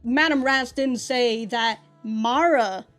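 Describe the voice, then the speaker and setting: A woman's voice: on the high side, slow pace, fairly bright tone, faint music behind. A woman hosting a casual reaction commentary who swears a lot, laughs often and rambles with restarts. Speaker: reaction video host.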